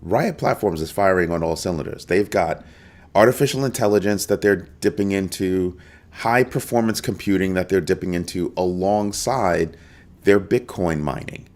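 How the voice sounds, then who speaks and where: A man with a very low, deep voice hosts a live crypto stream. He talks in an emphatic, animated way and calls out to viewers in the chat as he goes. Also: moderate pace. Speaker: crypto show host.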